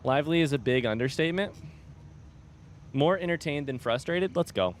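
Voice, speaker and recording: A man's voice: fairly high pitch, animated, normal speed, slight background noise. A man streaming a game from home, chatting with his viewers and reading out their comments. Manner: chatty, reads out viewer comments, coos at a baby. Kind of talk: casual live-stream chat. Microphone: desk microphone.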